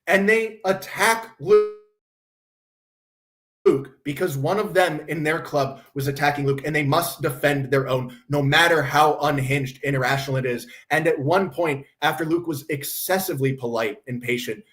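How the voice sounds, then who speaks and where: A man with a slightly high speaking voice hosts a casual stream, talking in a blunt, sardonic way. He swears freely and mocks what he describes. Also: normal speed, few pauses, a bit bright. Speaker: host.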